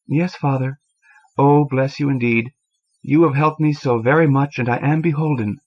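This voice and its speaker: A man's voice: medium pitch, moderate pace, natural voice. A man voicing an earnest, apologetic young man at confession. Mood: grateful. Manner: apologetic, pleading, eager to please. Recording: dull lo-fi cassette audio.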